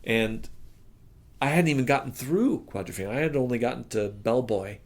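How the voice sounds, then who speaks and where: Gravelly-voiced drummer telling a story. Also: male voice, medium pitch, expressive, normal speed. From United States. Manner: acts out the people in his stories, voice jumping up for quoted lines. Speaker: drummer and interview guest. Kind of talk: animated storytelling in casual chat.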